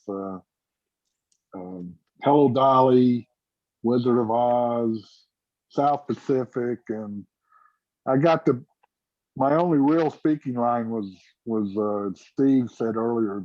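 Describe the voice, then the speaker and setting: A man's voice: mid-range voice, a little mellow, no room sound. A man telling an old theatre story in casual chat on a video call, laughing as he goes. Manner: chatty storyteller, laughs often. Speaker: former cast member. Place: home, mountain town. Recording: dull, dry video call audio.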